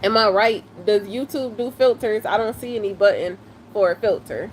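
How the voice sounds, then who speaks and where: A woman's voice: medium pitch, slight background noise. A woman, chatting casually and laughing often during a live stream. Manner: laughing, chatty, drawn-out exclamations.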